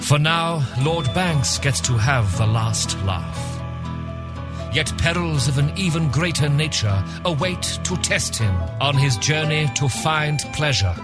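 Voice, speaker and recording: An actor narrating a comedic audio drama in a grave, measured, mock-serious manner, addressing the listener directly. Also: male voice, fairly high pitch, expressive. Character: solemn, mock-serious male storyteller. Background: music.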